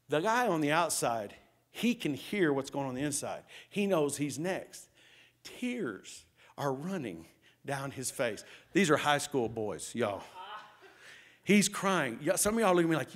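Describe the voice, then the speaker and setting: A man, a pastor preaching a sermon who tells stories and acts out the quotes loudly. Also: animated, moderate pace. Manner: storytelling, acts out quotes with rising pitch and loudness.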